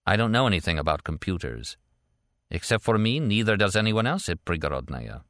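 A man reading a thin, mournful spy contact in an audiobook, mumbling low and guarded. The voice is deep-set and dry. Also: sing-song, brisk, fairly bright tone, dry recording. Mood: conspiratorial. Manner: low, murmured.

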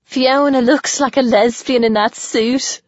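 A man's voice: very high voice, steady tone, measured pace, no echo, muffled recording, voice pushed up. A man voicing a tipsy, judgmental teenage girl. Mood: judging.

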